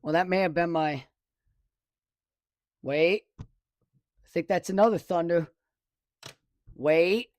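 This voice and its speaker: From his home studio, a man offers casual commentary on a live weather stream, slow and pausing often in his high-leaning voice. He rambles excitedly and keeps correcting himself, miked close at his desk with no room sound.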